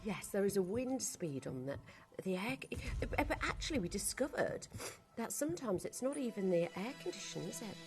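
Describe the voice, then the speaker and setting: A woman's voice: medium pitch, sing-song, a little fast, over music. A woman presenting live on a shopping channel from a TV studio, speaking in chatty, gushing sales patter full of asides.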